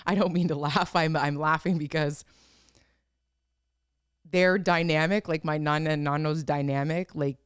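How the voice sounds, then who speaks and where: A woman's voice: deep voice, steady tone, normal speed, long pauses, smooth, dry recording, studio quality. A young woman, a guest comedian on a podcast, telling a boozy story in casual chat and swearing freely.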